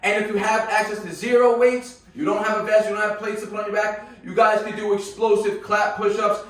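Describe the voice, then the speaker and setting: A man's voice: high-pitched, flat delivery, brisk, fairly bright tone. A man coaching a workout in a casual way, often checking in with his viewers. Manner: casual, keeps checking in with "right?" and "guys". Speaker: fitness coach. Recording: echoey room, far from mic, music behind.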